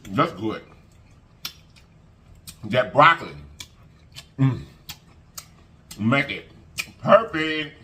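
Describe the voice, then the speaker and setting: A man's voice: on the low side, slight background noise. A man hosting a casual eating vlog, folksy and chatty, humming as he eats. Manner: lively, folksy, hums while eating. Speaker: mukbang host.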